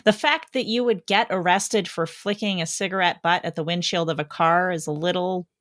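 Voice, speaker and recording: A woman's voice: fairly low pitch, moderate pace, fairly bright tone. A woman co-hosting a podcast, chatting casually, reacting to a story and giving plain advice. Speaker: podcast co-host. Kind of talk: casual chat.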